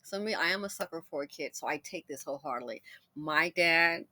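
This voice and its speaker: A middle-aged woman hosting a commentary video, telling personal stories in a chatty, animated way and laughing as she goes. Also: low voice, a little fast, no echo. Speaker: commentator host. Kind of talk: casual storytelling commentary.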